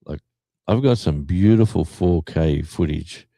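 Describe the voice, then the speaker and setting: A man's voice: sits low, measured pace, mellow, no echo. An Australian man hosting a livestream, chatting casually and rambling, with many fillers and restarts while he reads the chat. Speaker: livestream host. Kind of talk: casual chat reading a live chat.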